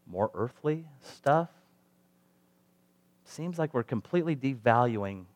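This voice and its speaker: A man preaching a sermon in a conversational way, asking rhetorical questions and acting out little quoted voices. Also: mid-range voice.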